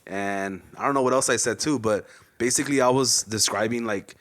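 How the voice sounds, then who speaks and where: A man's voice: mid-range voice, brisk, a bit bright. A young man hosting a podcast, chatting casually in a slangy, rambling storytelling way. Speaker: podcast host. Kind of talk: casual chat.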